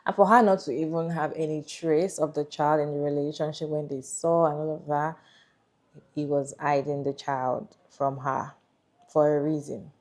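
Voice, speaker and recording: Low-voiced woman reacting to a clip, exasperated, can't believe it. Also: steady tone, measured pace, a little mellow. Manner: exasperated, incredulous. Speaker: reaction commentator. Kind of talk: reaction commentary.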